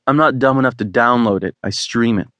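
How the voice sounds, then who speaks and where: A man's voice: medium pitch, brisk, a bit bright, no room sound, lo-fi sound, natural voice. A male audiobook narrator voicing a teasing, boastful middle-aged father who is a tech expert. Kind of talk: audiobook dialogue.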